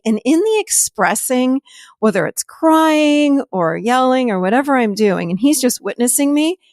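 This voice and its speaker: A woman's voice: on the high side, a little mellow, dry recording, clean studio sound. A woman hosting a podcast, explaining in a casual, conversational teaching way and often acting out quoted dialogue with animation. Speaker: podcast host and therapist.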